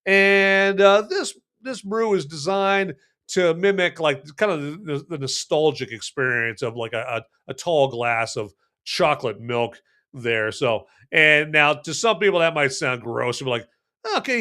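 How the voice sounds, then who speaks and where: A man's voice: fairly high pitch, measured pace, pushed and bright. A man casually reviewing a beer on a podcast, rambling with lots of fillers, restarts and jokes. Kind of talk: casual chat.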